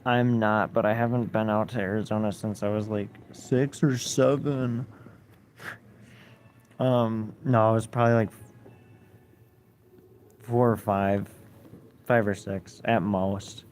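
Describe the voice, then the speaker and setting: A man's voice: on the low side, steady tone, slow, long pauses, darkish tone, slight background noise. A man livestreaming, telling a story in casual chat and reading viewer comments, blunt and swearing a lot. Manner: blunt, heavy swearing, rambling.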